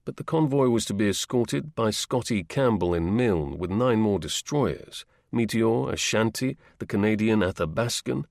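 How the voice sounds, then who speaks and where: Gravelly low-voiced man narrating. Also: no room sound, studio quality. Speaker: audiobook narrator. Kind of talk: scripted narration.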